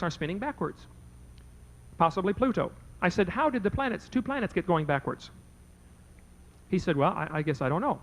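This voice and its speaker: Through a low-quality recording comes a man's high, fairly bright voice. He's at a live debate, telling the audience a folksy anecdote while acting out both sides of a conversation.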